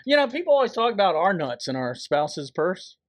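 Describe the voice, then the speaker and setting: A man co-hosting a podcast in loose, jokey banter, his somewhat high voice swinging up and down as he teases his partner. He sounds wired and quick to laugh. The sound is close and dry, with no room around it. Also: big pitch swings, no room sound. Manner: jokey, teasing, laughs often. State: wired on energy drink. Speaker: podcast co-host. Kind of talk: casual joking chat.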